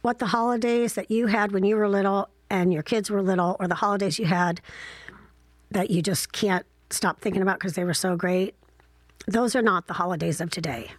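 A woman's voice: medium pitch, a little fast, dry recording. A middle-aged woman from Ohio telling personal stories as a mother in a candid, reflective, wry way, with frequent fillers. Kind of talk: casual personal storytelling.

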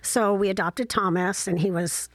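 A woman's voice: mid-range voice, steady tone, normal speed, no room sound. A middle-aged woman from Ohio telling personal stories as a mother in a candid, reflective, wry way, with frequent fillers. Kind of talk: casual personal storytelling.

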